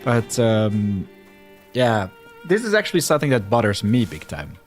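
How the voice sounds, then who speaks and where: Flemish man streaming with animated pitch. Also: normal speed, soft background music. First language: Dutch. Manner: rambling, self-deprecating, talks to chat. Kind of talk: casual livestream chat over gameplay.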